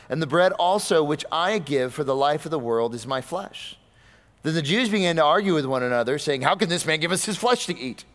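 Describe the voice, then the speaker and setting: A man preaching a sermon, asking his listeners rhetorical questions and swinging between loud, high bursts and low, quiet stretches. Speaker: pastor. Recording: long reverb of a hall.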